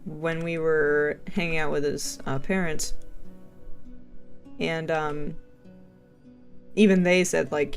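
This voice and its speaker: A woman's voice: low-pitched, level tone, slow, pauses often. A young woman livestreamer chatting casually and rambling, filling her talk with "like" and "um" and laughing often. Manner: rambling, chatty, heavy use of "like" and "um"; laughs often between sentences. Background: faint game music.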